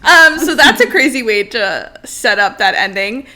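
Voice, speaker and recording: A young woman co-hosting a podcast, chatting casually and excitedly, swearing freely, laughing often and acting out lines. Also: on the high side, a little slow. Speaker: podcast co-host. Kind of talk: casual chat recapping a TV show.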